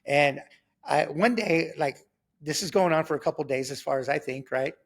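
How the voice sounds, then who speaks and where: A man's voice: on the high side, normal speed, vocal fry. A middle-aged man telling his life story as a testimony, acting out dialogue with many fillers and restarts.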